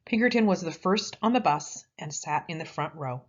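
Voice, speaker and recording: A woman's voice: low voice, normal speed. Woman reading a children's story aloud. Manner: expressive lively reading. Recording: slightly dull lo-fi audio.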